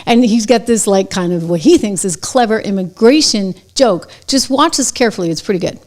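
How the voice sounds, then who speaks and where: A middle-aged woman hosting her own show, delivering brisk, sarcastic, conversational commentary on the news. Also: medium pitch, lively intonation, darkish tone. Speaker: show host. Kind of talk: opinionated commentary.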